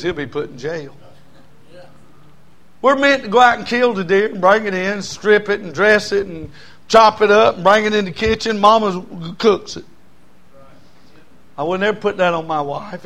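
A man's voice: a little high, a bit bright. A man preaching a sermon to a church congregation in an emphatic, repetitive cadence with folksy humor.

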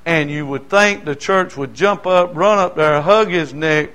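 A male pastor, preaching a sermon that swings from quiet talk to shouting, repeating his phrases. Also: a little high, a little slow, hardly any pauses, low-quality recording.

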